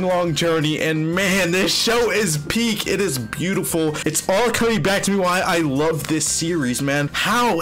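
Excitable young man reacting, swearing freely. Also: high voice. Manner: excitable, swears freely, slangy, gets emotional. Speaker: anime reaction host. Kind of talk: live reaction commentary.

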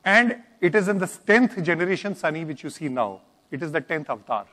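A man with an Indian English accent, a company executive briskly presenting a car's features at a launch. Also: on the high side, animated, a bit bright. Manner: brisk, promotional, explains features. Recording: reverberant event hall.

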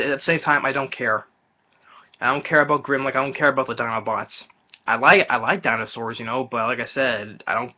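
A man ranting in a movie trailer reaction video. He stumbles, restarts and repeats himself in exasperation. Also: mid-range voice. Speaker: movie reviewer vlogger. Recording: dull lo-fi recording.

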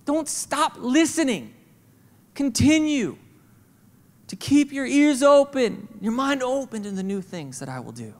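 A man preaching a sermon as senior pastor in a church, conversational and animated, acting out the voices of children and God. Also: extremely high pitch, unhurried. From St. Louis, Missouri. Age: adult with kids. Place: church auditorium. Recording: reverberant church hall.

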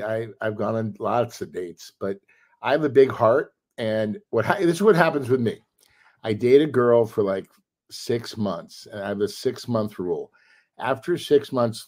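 A middle-aged man spins a story in casual podcast chat, his voice at an ordinary pitch. He jumps into lively acted-out quotes and swears freely. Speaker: podcast co-host.

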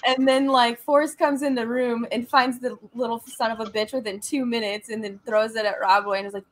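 A woman chatting on a podcast, frank and blunt and quick to swear. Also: a little high, steady tone. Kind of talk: casual podcast chat.

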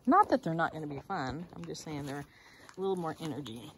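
A woman's voice: low-pitched, animated, fairly quick, a little hiss or hum. A woman filming puppies outdoors, chatting casually and laughing often, cooing at the dogs in a baby-talk voice. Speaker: dog breeder. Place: outdoors in a dog yard. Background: puppies and dogs playing.

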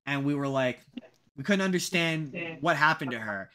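A young man chatting on a podcast in a lively, rambling way and ribbing himself as he goes. His voice is bright and sits a touch high. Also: normal speed. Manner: animated, rambling, self-mocking. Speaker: podcast co-host. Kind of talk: casual podcast chat.

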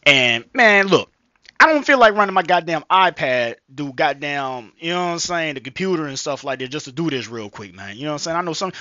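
A man's voice: on the high side, expressive, a little fast, bright, forceful tone, no echo, dull audio. A man vlogging casually into a headset mic, rambling with slang, profanity and lots of fillers. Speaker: vlogger reacting to a video. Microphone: gaming headset microphone.

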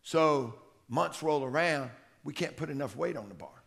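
Here the same kind of speaker, a middle-aged male strength coach, gives a folksy conference presentation in a conference room, with a fairly high, creaky, slightly bright voice. He moves at a moderate pace with lively intonation, sharing anecdotes and performing quoted lines.

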